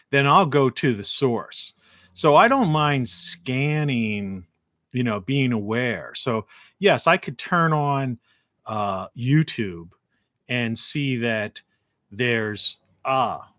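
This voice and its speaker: A man hosting a live talk show in a rambling monologue, with frequent restarts and a morning voice, clearing his throat now and then. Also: mid-range voice, fairly bright tone, dry recording, studio quality. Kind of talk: solo live-stream monologue.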